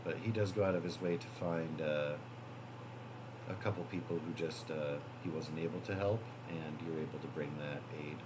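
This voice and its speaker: A man's voice: rumbling low, fairly even intonation, moderate pace, background noise. A man running a tabletop game as game master, explaining outcomes in an easygoing, hedging way.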